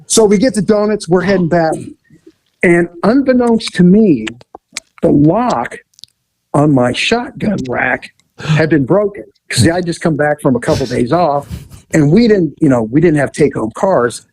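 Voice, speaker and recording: Animated man telling police stories. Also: on the high side, a little slow, no room sound, poor audio. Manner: animated, laughing and swearing freely. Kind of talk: casual anecdote telling.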